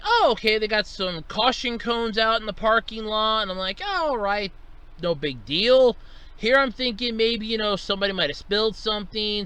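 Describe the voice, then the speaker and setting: Bright, animated ranting podcast man. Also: high-pitched, smooth. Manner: exasperated storytelling, swearing, voice jumps up when quoting himself. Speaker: podcast host. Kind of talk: solo casual rant.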